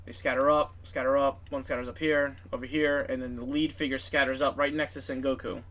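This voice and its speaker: A man's voice: medium pitch, flat delivery, a little fast, a bit bright. A man narrating a tabletop game as game master, in a casual, filler-heavy, profane way.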